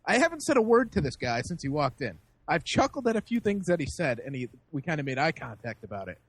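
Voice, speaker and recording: Man, high voice, casual storytelling, animated, laughing, acts out characters. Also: quick pace, dry recording. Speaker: podcast host.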